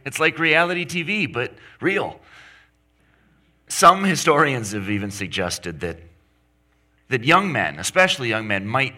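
Male pastor preaching, bright voice, lots of pitch swing, really animated. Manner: animated, lively preaching with emphatic rises. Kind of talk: sermon.

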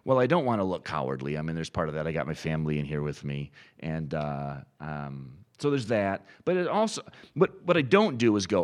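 A middle-aged man preaching a sermon, animated and storytelling, acting out quoted inner voices. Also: extremely low pitch, a little fast. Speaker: pastor.

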